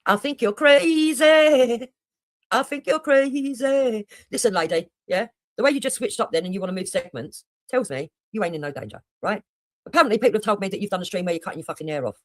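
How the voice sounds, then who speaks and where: A woman's voice: fairly low pitch, lively intonation, very fast, fairly bright tone, no echo. A woman doing heated reaction commentary on a livestream, blunt and mocking, with heavy swearing. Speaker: livestreamer reacting to another streamer.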